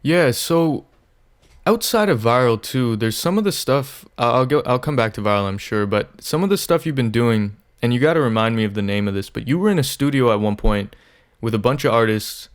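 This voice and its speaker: A man's voice: medium pitch, brisk. Easygoing male podcast host. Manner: relaxed, meandering questions. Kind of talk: casual interview questions.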